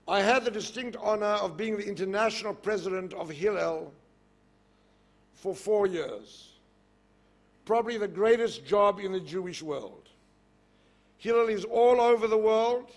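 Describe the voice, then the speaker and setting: An older man with a South African accent, giving a public lecture and telling anecdotes with lively storytelling. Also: high voice. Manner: storytelling, animated in jokes. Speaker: guest speaker. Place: lecture hall podium.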